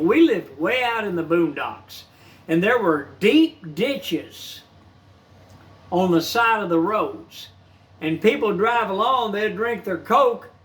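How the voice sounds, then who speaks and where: Folksy older man, fairly high voice. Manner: folksy, talks straight to viewers with "man" and "people". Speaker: channel host. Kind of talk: casual storytelling of childhood memories.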